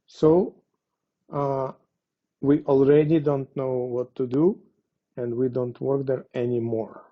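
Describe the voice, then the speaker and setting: A man teaching a language lesson, explaining slowly and deliberately, pausing often with fillers. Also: mid-range voice. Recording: dull lo-fi sound.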